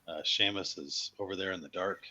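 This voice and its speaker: A man narrating as dungeon master in a tabletop game, calm and low-key with frequent fillers. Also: brisk.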